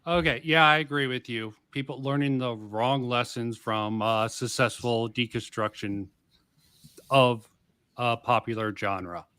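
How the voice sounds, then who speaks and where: Bright-toned man in a casual chat. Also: medium pitch, steady tone, measured pace, clean tone, dry recording. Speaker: guest. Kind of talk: casual discussion.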